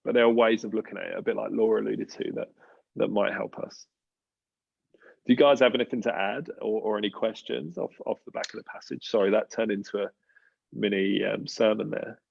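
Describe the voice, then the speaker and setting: Gravelly Australian man hosting a church panel. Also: fairly low pitch, steady tone, fairly quick, muffled recording. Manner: conversational, thoughtful, with many fillers and restarts. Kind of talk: casual talk on a live panel.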